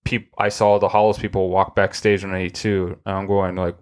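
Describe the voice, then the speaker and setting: A man's voice: sits low, little pitch movement, fairly quick, clear, resonant tone. A man hosting a podcast, talking in a rambling, profane way with many restarts. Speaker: podcast host. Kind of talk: casual chat.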